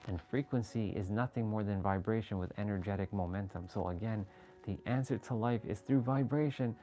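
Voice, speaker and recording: A man hosting a casual livestream, talking excitably with rambling restarts and sudden jumps in voice as he relives moments, swearing freely. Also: fairly low pitch, fairly quick. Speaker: livestream host. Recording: faint background music.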